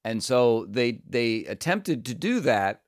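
Slow and medium-pitched, a man who works in comedy and voice acting spins loose, animated stories in a relaxed interview, cursing without restraint. The studio-quality audio has no echo.

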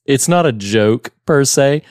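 A man co-hosting a podcast in casual chat, animated and laughing often as he retells scenes. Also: medium pitch, a little slow, no echo, studio quality. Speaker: podcast co-host. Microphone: podcast microphone.

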